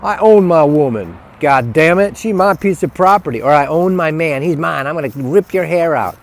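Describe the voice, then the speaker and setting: A man's voice: a little high, animated, normal speed. A man voicing an angry, aggressive member of a mob who mocks and threatens. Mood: hostile mocking. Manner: shouting insults, mocking, threatening.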